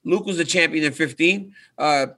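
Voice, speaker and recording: A man's voice: on the high side, moderate pace, sharp tone. A man in his thirties, a retired fighter, talking earnestly in a casual interview and often checking in with "right?". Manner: earnest, repeats "right?" for emphasis. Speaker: retired fighter and coach, guest.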